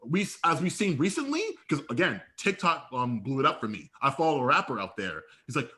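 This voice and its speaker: Young man, podcast co-host, casual profane storytelling, acts out dialogue, bright, lively intonation. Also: medium pitch, a little fast, few pauses. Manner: profane, slangy, tells stories with acted-out dialogue.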